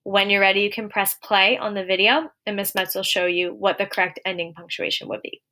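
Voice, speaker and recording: A young adult woman teaching a recorded lesson to young children, clear and encouraging, slowing down to read example sentences aloud. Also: mid-range voice, flat delivery, sharp tone.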